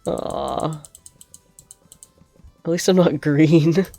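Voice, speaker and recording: A woman's voice: deep voice, steady tone, drawn-out words, dark tone, no echo, faint music behind. A young woman streaming a game, chatting and telling rambling stories with frequent giggles. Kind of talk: casual gameplay storytelling.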